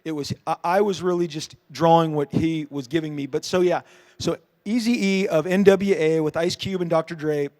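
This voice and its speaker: Speaking at a moderate pace, a middle-aged comic creator on a convention panel rambles animatedly through a story in a voice that's high for a man. He keeps tripping into fillers and restarts and imitates the people he describes.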